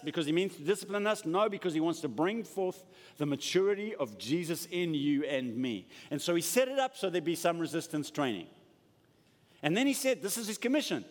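A man preaches with a lively, swooping delivery that sits a little high for a male voice. He acts out quoted voices and drops to soft asides. A long hall reverb trails after his words in the church. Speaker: pastor. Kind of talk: sermon. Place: church sanctuary.

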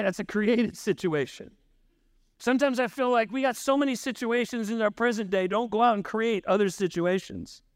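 High-voiced pastor telling stories. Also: male voice, no room sound, studio quality. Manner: conversational, frequent "right?" asides, acts out dialogue. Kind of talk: sermon with storytelling.

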